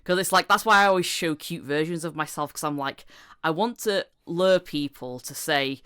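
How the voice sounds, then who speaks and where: A woman's voice: deep voice, normal speed, smooth, dry recording, studio quality. A woman hosting a casual podcast chat, telling stories with giggles and acting out what people said. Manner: animated storyteller, giggly, acts out quotes. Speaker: podcast host.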